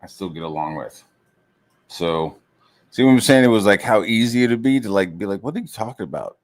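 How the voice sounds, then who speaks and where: A man's voice: lowish voice, normal speed. A man ranting heatedly as a streamer, swearing constantly, with lots of fillers, mocking other people in raised voices. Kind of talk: profane rant.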